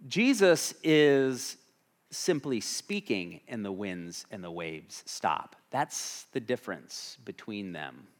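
A man's voice: on the low side, big pitch swings, takes it slowly. A man preaching a sermon as a pastor, talking conversationally and asking the congregation questions.

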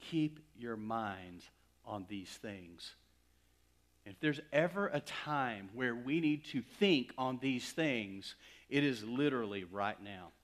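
A male pastor preaching a sermon, building to emphatic, louder swells and then dropping to hushed, slow asides. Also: mid-range voice, lively intonation.

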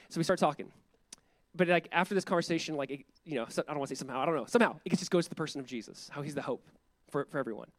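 A male pastor preaching a sermon in a conversational, animated way, full of asides and quick restarts. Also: fairly high pitch, no echo.

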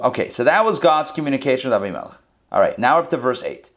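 A man teaching a text-study lesson in a conversational, animated way, acting out the text as he explains it. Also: mid-range voice, fast talker.

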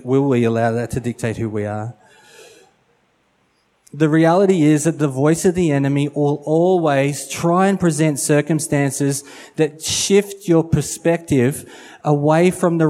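A man's voice: mid-range voice, darkish tone. A man preaching a sermon, acting out quotes and repeating phrases for emphasis.

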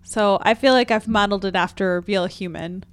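A woman's voice: medium pitch, brisk, dry recording. A woman co-hosting a podcast, reading out listener tweets in a casual, easygoing way with lots of "um"s. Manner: easygoing, starts lines with "um", laughs readily. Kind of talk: casual chat.

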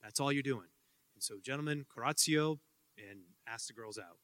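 A man's voice: mid-range voice, moderate pace, fairly bright tone. A man giving a casual Q&A talk to students, rambling with many fillers and joking asides. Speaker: speaker answering student questions. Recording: hall with long reverb.

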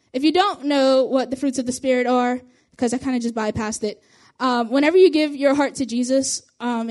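A young woman, a youth group leader, giving a casual spoken testimony, talking quickly and chattily with little laughs between phrases. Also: high voice, darkish tone.

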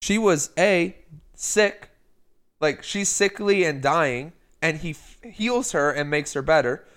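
A man co-hosts a casual podcast chat. He rambles through a plot recap in a fairly high, smooth, clear voice, quoting the characters' lines as he goes. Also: expressive, slow pace, a bit bright. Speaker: podcast co-host.

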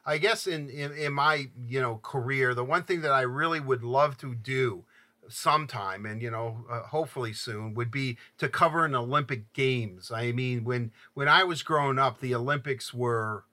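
An older man from Southeast Michigan hosting an interview, talking in halting, rambling sentences full of restarts. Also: mid-range voice, sharp tone. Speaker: podcast host. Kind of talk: conversational interview.

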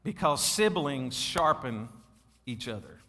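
A man, preaching a sermon to his congregation and calling out to them, swinging between loud and soft. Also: medium pitch, sing-song, slow. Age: 40s. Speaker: pastor. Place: church sanctuary. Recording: long hall reverb.

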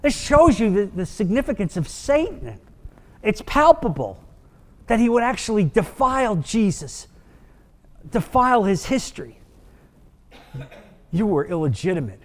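A man's voice: sits high, big pitch swings, moderate pace, long reverb tail. A man teaching a Bible class, reading scripture in an emphatic, dramatic way.

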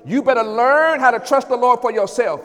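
High, bright-voiced preaching pastor. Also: male voice, moderate pace, long reverb tail. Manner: preaching that swells into shouted praise. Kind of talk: sermon. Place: church during an evening service.

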